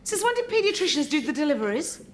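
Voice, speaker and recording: Snippy midwife, high voice, noisy background. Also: female voice, very animated, quick pace. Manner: crisp, indignant. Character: brisk, no-nonsense female midwife. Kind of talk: sitcom acting. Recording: TV sitcom audio with noise.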